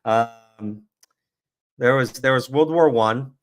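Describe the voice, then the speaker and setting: A man's voice: medium pitch, slow. A man giving profane, heated, sarcastic commentary on a livestream. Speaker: streamer commentator.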